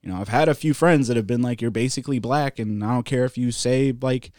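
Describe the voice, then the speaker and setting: A man's voice: mid-range voice, quick pace, darkish tone, no echo, clean studio sound. A man casually telling a long story on a podcast, swearing and laughing along as he goes. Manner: laid-back storyteller, swears, laughs at his own stories. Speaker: podcast co-host.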